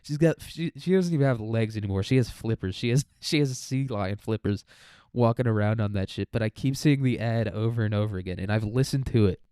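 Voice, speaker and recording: A young student podcaster rambles through a casual solo monologue, swearing, laughing a lot and sounding mentally tired. His voice is fairly low, fairly quick, dark, clear and resonant, captured as clean studio sound with no echo.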